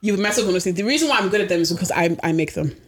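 A woman's voice: fairly low pitch, animated, rapid-fire, a little hiss or hum. A young woman who is a guest on a podcast, chatting casually in a playful way and laughing easily. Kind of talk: casual chat.

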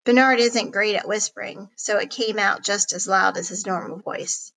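A woman reading a children's chapter book aloud in a slow, clear storytelling way. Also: medium pitch, steady tone, pushed and bright, rough recording. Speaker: audiobook reader.

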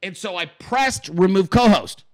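A man hosting his own show in a loose, swear-heavy rant, his pitch swinging wide as he acts out little voices in his stories. His voice sits a bit high for a man, and the sound is dry and close with no room echo. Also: lively intonation, measured pace. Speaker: podcast host. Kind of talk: casual profane rant.

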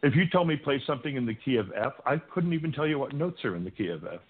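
This older podcast guest talks fast in a mid-range voice with a breathy edge, spinning wild youthful stories in a casual interview. He acts out the people he quotes, sometimes shouting, and keeps stammering and starting over. It comes through a tinny, phone-style line.

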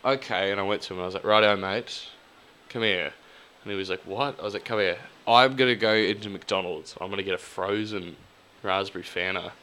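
A man's voice: low-pitched, a little fast. A young Australian man co-hosting a casual podcast, telling a drunken story with lots of swearing. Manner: swears freely, animated storytelling. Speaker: podcast co-host. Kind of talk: casual chat.

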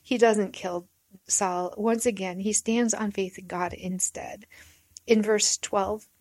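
A woman teaches through scripture, reading verses and pausing to explain them. She speaks reflectively in a mid-range voice and often circles back to her main point. The recording is dry and close. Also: mid-range voice, steady tone, a little mellow, dry recording. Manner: plain, reflective explaining with repetition. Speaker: Bible teacher. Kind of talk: Bible study reading and commentary.

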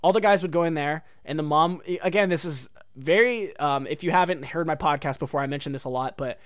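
Rambling young man, smooth and dry. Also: fairly high pitch, fairly quick, no room sound. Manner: rambling, heavy use of "like" and "dude". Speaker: podcast host. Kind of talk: casual storytelling monologue.

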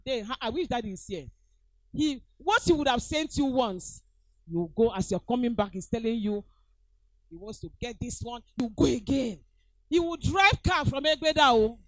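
A woman's voice: a little high, no room sound, low-quality recording. A middle-aged woman with a Nigerian accent preaching a sermon, emphatic and repeating her phrases as she calls out to the congregation.

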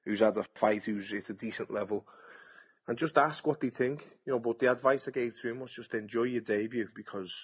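An English boxer and TV pundit speaks in a casual interview, his voice medium-pitched, a little fast and breathy at the edges. He talks bluntly and chattily, often repeating his words.

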